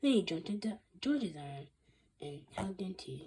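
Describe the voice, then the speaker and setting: A woman reading a children's chapter book aloud, halting and restarting often. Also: on the low side, very animated, mellow, a little hiss or hum. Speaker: reader.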